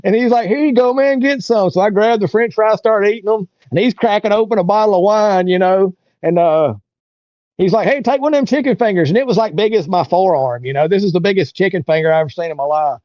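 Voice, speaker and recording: A man's voice: high voice, fast, no room sound. A man being interviewed, telling a long story in a loose, rambling way and acting out what other people said. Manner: rambling, acts out other people's lines in raised voices. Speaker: interview guest. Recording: dull, lo-fi, dry sound.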